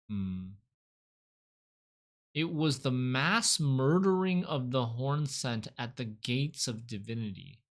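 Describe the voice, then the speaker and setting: A streamer reacting on a live stream, thinking aloud and asking unsure questions about the game's story. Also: mid-range voice.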